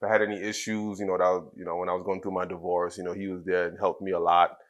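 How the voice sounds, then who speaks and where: A man from Trinidad, in his thirties, telling a personal story in an interview, soft-spoken and halting, with many fillers and restarts. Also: deep voice, flat delivery. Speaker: wrestler guest.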